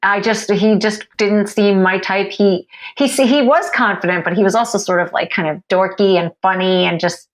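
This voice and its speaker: A woman's voice: mid-range voice, normal speed, hardly any pauses, poor audio. A woman author being interviewed, talking candidly and thoughtfully with frequent restarts. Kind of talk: reflective conversational interview.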